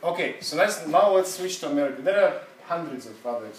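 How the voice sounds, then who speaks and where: A man teaching an English seminar in a chatty, laughing, halting way. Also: a little high, expressive, slight background noise. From Russia. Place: classroom. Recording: roomy classroom, mic far off.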